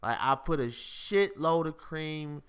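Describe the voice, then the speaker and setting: A podcast host chats casually on a live stream, swearing heavily and laughing often. His voice sits on the high side and is smooth, and he talks at a slow pace with an animated, profane manner.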